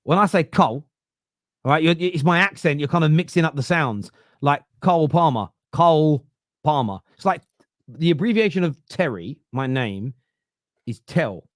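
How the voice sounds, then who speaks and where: A man's voice: on the high side, expressive, moderate pace, fairly bright tone, no room sound, studio quality. A man with a Southern English accent hosting a football podcast, arguing his points at length in casual debate. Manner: argumentative, explains at length.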